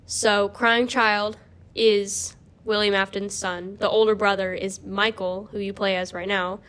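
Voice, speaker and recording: Hosting a podcast, a young woman rambles casually through an explanation, filling it with "like." Her delivery is flat and unhurried, with a medium pitch and a slightly bright quality.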